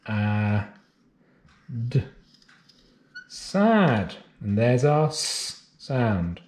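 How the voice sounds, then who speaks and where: Speaking to small children, this man works through phonics as a nursery teacher would, stretching letter sounds out clearly and slowly. A bouncy, sing-song pitch carries the lesson, which was taped for remote learning either at home or in a classroom.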